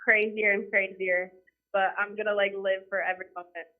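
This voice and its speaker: A woman's voice: mid-range voice, little pitch movement, fairly quick. A woman in her twenties calling in to a radio show, talking casually with lots of "like" and little laughs. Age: 20s. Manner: casual, giggly, heavy use of "like". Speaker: caller. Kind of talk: casual phone interview. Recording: tinny phone line.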